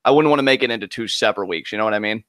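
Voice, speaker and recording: A man's voice: on the low side, racing, fairly bright tone, clear, resonant tone, no room sound, studio quality. A man co-hosting a live wrestling reaction, ranting with heated, profane fan commentary. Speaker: co-host of wrestling reaction show.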